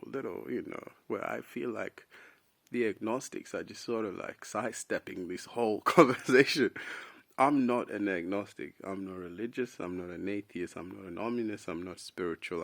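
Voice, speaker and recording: Young guy from south sudan just rambling to camera, kinda low voice, lots of "bro". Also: vocal fry. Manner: casual, rambling, says "bro" a lot. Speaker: vlogger. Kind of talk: unscripted opinion monologue.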